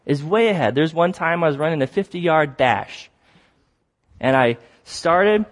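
A man preaching a sermon in a voice that sits a little high for a man. He tells stories animatedly, acting out shouts and exclamations, and hammers points home by repeating key phrases.

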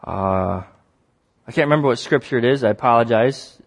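A man preaching a sermon, telling stories with lively acted-out exclamations and repeating key phrases for emphasis. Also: mid-range voice, a little fast, creaky. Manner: animated storytelling, acts out shouts and exclamations.

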